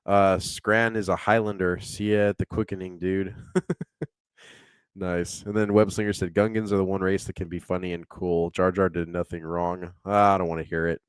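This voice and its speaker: Rambling low-voiced man reading chat. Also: flat delivery, moderate pace, smooth, dry recording. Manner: rambling, laughs often, reads chat comments aloud. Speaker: podcast co-host reading chat. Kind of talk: casual podcast chat.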